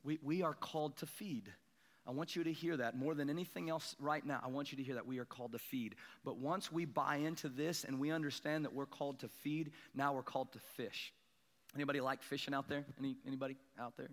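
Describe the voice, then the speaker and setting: A man preaching a sermon, telling a self-deprecating fishing story and building to excited emphasis. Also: medium pitch, fairly quick, long reverb tail. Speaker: pastor. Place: church sanctuary.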